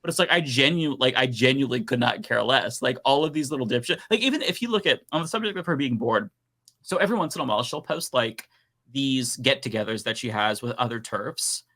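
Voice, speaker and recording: A man's voice: mid-range voice, expressive, brisk, pushed and bright. A man co-hosting a casual political chat show, ranting animatedly with swearing and laughter. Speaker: podcast co-host.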